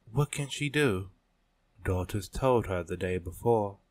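A man narrating a story in a measured, deliberate reading style. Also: lowish voice, animated. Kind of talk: scripted audiobook narration.

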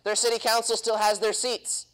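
A man's voice: high voice, little pitch movement, moderate pace, a bit bright, clean tone, rough recording. A young man speaking at a political convention, punchy and quizzing the audience with questions. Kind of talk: political talk to a live audience. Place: convention hall.

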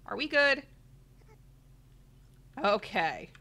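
A woman's voice: mid-range voice, very animated, very slow, vocal fry, sharp tone. A middle-aged woman giving chatty let's play commentary, talking to her viewers and exclaiming at the game. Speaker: gaming channel host. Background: faint game music.

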